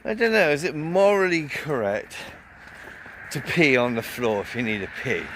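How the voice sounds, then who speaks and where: A man's voice: fairly high pitch, moderate pace, background noise. A man vlogging a casual, rambling festival review, swearing often and telling a story full of fillers.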